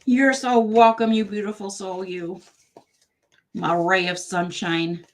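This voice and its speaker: A woman's voice: mid-range voice, little pitch movement, slow pace. A woman in her fifties giving frank, affectionate advice as a tarot reader during a live-stream psychic reading, chatting with viewers between readings.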